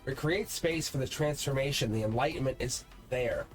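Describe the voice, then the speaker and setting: A man's voice: medium pitch, normal speed, soft background music. A man hosting his own channel, talking loosely through a tarot card's meaning in a meandering, encouraging way. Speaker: tarot reader and channel host. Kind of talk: unscripted tarot lesson to camera.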